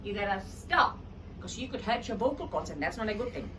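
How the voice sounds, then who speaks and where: A woman's voice: mid-range voice, animated, brisk, a bit bright, recorded from a distance, slight background noise. A woman teaching a children's drama lesson at home, coaxing and encouraging. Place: home room with her child.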